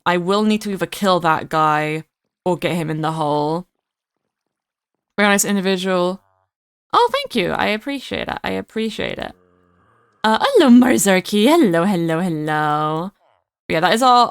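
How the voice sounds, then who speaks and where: A woman's voice: lowish voice, lively intonation, normal speed, clear, resonant tone, no echo. A woman streaming herself playing a game, chatting and rambling casually as she greets viewers by name. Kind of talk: casual livestream gameplay chat.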